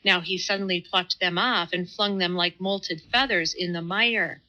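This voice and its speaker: A woman narrates a classic novel in calm, measured tones. Her voice is bright and sits at a middle pitch. The recording has a dull, slightly muffled sound. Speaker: audiobook narrator. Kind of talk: scripted narration.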